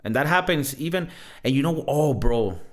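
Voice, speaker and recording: A man with a Latin American Spanish accent, chatting casually on a podcast with friends, animated and swearing freely. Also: on the high side, normal speed. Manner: animated, swearing, laughs often. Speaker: podcast co-host. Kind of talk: casual chat.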